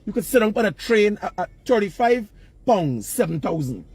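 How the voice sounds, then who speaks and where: Very animated and high, with a breathy edge, this man speaks at a moderate pace in a dry recording. Standing outdoors by work sites, the Guyanese vlogger emphatically lectures people passing by about work and money in casual, Creole-flavored speech.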